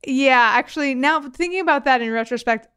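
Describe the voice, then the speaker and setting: A woman's voice: high voice, brisk, bright, forceful tone, clear, resonant tone, no room sound, clean studio sound. A woman co-hosting a podcast, chatting playfully about a TV episode and laughing often. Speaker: podcast co-host. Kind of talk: casual chat recapping a TV episode.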